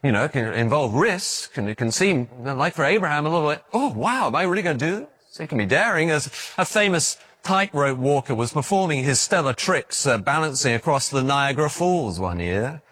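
Lively preacher man, animated sermon. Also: medium pitch, normal speed, hardly any pauses. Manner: animated storytelling, acting out voices in his anecdotes; repeats words when restarting.

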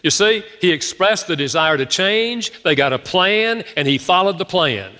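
Male author-speaker, storytelling talk, bright forceful tone, slightly high, long hall echo. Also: animated, normal speed. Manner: retells stories, acting out the quoted speakers. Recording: echoey hall.

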